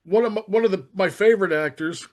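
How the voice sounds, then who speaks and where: Excitable, profane man with a high-ish voice. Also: quick pace. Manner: rambling, profane, excitable with many restarts. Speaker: podcast co-host. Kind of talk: casual film discussion.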